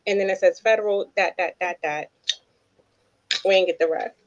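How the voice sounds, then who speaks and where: A woman's voice: medium pitch, fairly even intonation, normal speed, muffled recording. A woman co-hosting a casual podcast chat, reading listener comments aloud and steering the topics. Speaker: podcast co-host.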